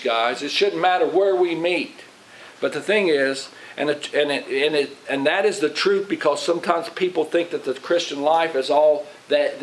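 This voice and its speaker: A man's voice: mid-range voice, rough recording. A middle-aged man, a pastor preaching in a folksy, rambling way and asking his congregation questions. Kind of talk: sermon. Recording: faint hiss.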